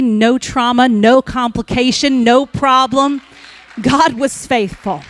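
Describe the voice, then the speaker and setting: A woman's voice: high-pitched, fairly bright tone, no echo. A woman pastor, telling a personal story in an emphatic sermon.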